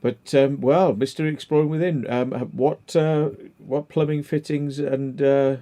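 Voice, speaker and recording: A man's voice: mid-range voice, steady tone, a little slow, dark tone. A man hosting a casual livestream chat, telling stories in a rambling way full of fillers. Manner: rambling storyteller, many fillers. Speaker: livestream host.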